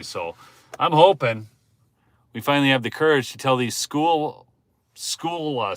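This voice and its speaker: Chatty man ranting to his viewers. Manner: chatty, talks straight to viewers, asks the chat questions; swings from low muttering to loud exclamations. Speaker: livestream host. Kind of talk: rambling political livestream rant.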